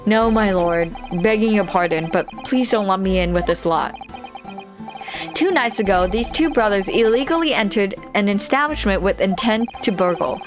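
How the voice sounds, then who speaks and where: A woman's voice: mid-range voice, natural voice. A woman voicing a middle-aged male police inspector in a game, speaking formally and deferentially.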